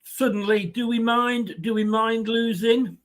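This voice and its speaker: A man's voice: extremely high pitch, fairly even intonation, unhurried. A man with a light, rambling, chatty manner, hosting a live football watchalong and reading out viewer comments. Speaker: host of a fan watchalong.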